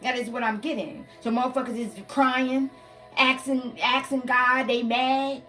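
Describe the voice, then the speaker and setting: A woman's voice: sits high, unhurried, a bit bright, recorded from a distance. Blunt profane tarot reader woman. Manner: blunt, profane, addresses listeners as y'all. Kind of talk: casual live tarot reading. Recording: voice a bit off-mic with faint music.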